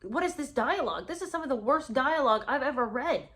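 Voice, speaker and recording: A woman's voice: sits high, animated, fast talker, a bit bright. A woman giving sarcastic, incredulous commentary while reading from a memoir. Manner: scornful, incredulous, emphatic.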